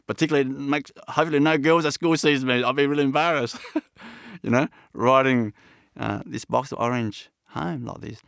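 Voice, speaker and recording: Gravelly, halting spiritual teacher, a man. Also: mid-range voice, a bit bright, no room sound, clean studio sound. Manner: halting, reflective, with many pauses and restarts. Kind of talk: satsang talk.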